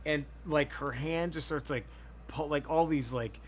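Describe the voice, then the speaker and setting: A man's voice: fairly high pitch, measured pace, a little hiss or hum. A man hosting a podcast in casual chat, rambling and profane as he tells a story. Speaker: podcast host.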